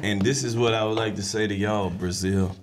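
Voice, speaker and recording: A man hosting a comedy podcast, giving crude, loose shout-outs in casual chat. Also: fairly low pitch, steady tone, brisk, slight background noise.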